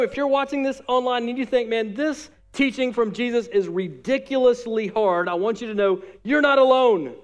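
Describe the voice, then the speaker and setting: A male pastor preaching a sermon to his church, lively and animated, often acting out the voices of the people he quotes. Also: extremely high pitch, normal speed, few pauses. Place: church room with live audience.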